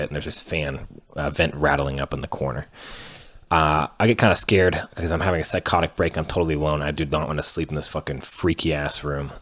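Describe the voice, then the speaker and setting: A young man telling his own story in a halting, candid way, with many fillers, restarts and the odd curse word. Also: extremely low pitch. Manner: earnest, candid, occasionally cursing. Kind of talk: personal storytelling monologue.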